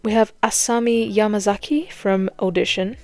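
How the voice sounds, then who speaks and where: A woman's voice: mid-range voice, steady tone, normal speed, darkish tone, no room sound, soft background music. A young British woman giving scripted, playful commentary with jokey, self-mocking asides. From Britain. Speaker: horror commentary YouTuber.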